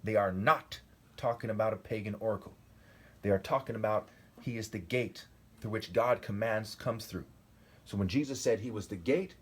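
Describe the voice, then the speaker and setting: This man in his forties has a lowish, husky, slightly rough voice as he preaches alone in a video monologue. He reads scripture aloud and comments with combative, insulting rants, pressing each point with "okay?".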